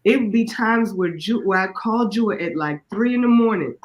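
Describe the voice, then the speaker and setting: A woman hosting a casual chat among old friends, speaking earnestly and slowly about personal memories, then moving on lightly. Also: mid-range voice, low-quality recording. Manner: earnest, drawn-out, then breezy.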